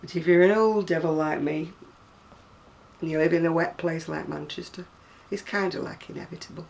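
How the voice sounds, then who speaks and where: A woman's voice: deep voice, fairly even intonation, normal speed, vocal fry, a little mellow, recorded from a distance. A woman in her sixties with a northern English accent, chatting casually and rambling to camera about her crafts, often laughing. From North West England. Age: 60s. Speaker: craft seller.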